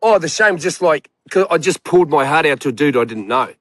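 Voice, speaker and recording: A man's voice: on the high side, expressive, brisk, a bit bright, dry recording. Kiwi guy yakking away on a chat show, loose and sweary, lots of um and like, dead dry sound. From New Zealand. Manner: rambling, swearing storyteller full of fillers. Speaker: guest. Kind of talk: casual chat.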